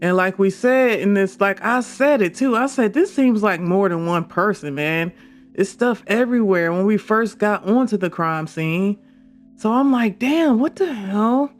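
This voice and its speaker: Excitable gamer commentating a playthrough. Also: mid-range voice. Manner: animated, exclaiming, laughing often. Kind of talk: casual let's-play commentary. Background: game music.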